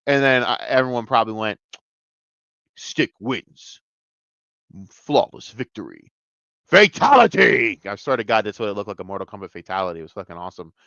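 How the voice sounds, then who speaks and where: A man's voice: lowish voice, steady tone, racing, hardly any pauses, bright, forceful tone, clear, resonant tone, dry recording, highs cut off. A man reviewing a TV episode in a casual rant, swearing constantly and mocking the characters.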